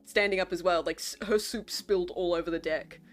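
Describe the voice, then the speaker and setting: A woman's voice: fairly low pitch, steady tone, fairly quick, soft background music. A woman narrating a tabletop role-play game as game master, in a casual, filler-heavy way.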